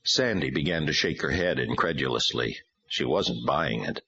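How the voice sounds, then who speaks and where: Man reading an audiobook, low gravelly husky voice, really expressive, dull lo-fi sound. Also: moderate pace. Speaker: audiobook narrator. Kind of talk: scripted narration with dialogue.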